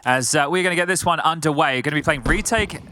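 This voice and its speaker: A man commentating a competitive shooter match, explaining the tactics in a measured way. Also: fairly high pitch, bright, forceful tone. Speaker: esports commentator. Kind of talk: analytical commentary. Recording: game noise behind. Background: gunfire and game sounds.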